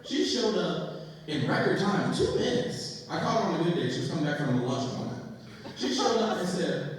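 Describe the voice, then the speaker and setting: Brief: young male comic, lively storytelling full of cursing, reverberant hall with a faint murmur behind. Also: high voice, brisk, a little hiss or hum. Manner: animated, profane, acts out voices. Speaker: stand-up comedian. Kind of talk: stand-up comedy storytelling. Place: comedy stage in a hall. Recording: echoey hall, voice from far off.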